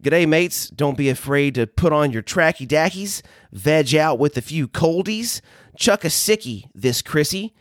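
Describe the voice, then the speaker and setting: A man's voice: on the high side, animated, a little slow, dry recording, clean studio sound, pitched above the performer's own voice. A man putting on an exaggerated Australian accent as a cheery bloke wishing his mates a good holiday. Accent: put-on Australian.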